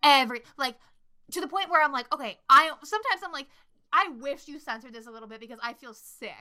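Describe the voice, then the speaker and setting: A young woman co-hosting a casual horror movie podcast, swearing freely and telling scenes with lively, shouted impressions. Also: high voice, fast. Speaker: podcast co-host.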